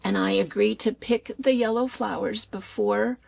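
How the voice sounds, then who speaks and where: A middle-aged woman from Washington State co-hosting a chat show, ranting in a chatty, animated way. Her voice is gravelly and husky, a little high for a woman, and it sits dry and close with no room sound. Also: moderate pace, no room sound. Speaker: co-host. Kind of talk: casual chat.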